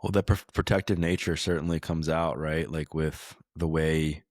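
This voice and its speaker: Podcast host guy, super deep voice, rambly, lots of likes, dry close mic. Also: steady tone, normal speed, darkish tone, no echo. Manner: rambling, many likes and restarts. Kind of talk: casual interview chat.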